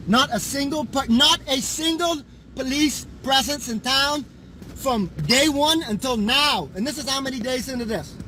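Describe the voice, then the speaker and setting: A Bahamian man with a hoarse voice, angrily describing storm damage around town in urgent, repeated bursts. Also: very high voice, normal speed, sharp tone, a little hiss or hum. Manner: agitated, urgent, repeats himself. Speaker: local resident filming storm damage. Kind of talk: angry walking commentary.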